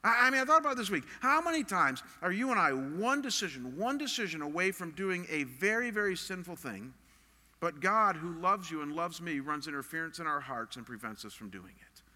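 A man's voice: on the high side, big pitch swings, brisk, sharp tone, long reverb tail. A man preaching a sermon as a pastor, earnest and emphatic in a conversational way.

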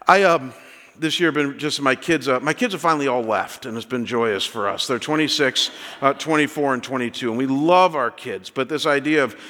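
A man in his fifties preaching a sermon, telling stories in an animated way with many restarts. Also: mid-range voice, moderate pace, in a large hall. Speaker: pastor.

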